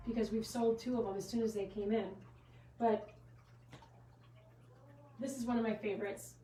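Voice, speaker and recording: A woman with a slightly high voice hosts a live sale from inside her gift shop. She chats casually, giggles and drifts off on side topics as she shows items. Her voice echoes around the room and sits a little far from the mic, over faint background noise. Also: a little mellow. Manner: chatty, giggly, goes off on tangents. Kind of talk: casual live-stream product showcase. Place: inside a small gift shop with a trickling fountain.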